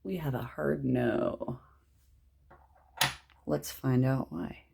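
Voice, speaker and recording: Low, gravelly woman reading tarot. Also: steady tone, very slow, dark tone, a little hiss or hum. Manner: chatty, rambling, drops to a whisper at times. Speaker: tarot reader. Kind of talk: casual tarot reading to camera.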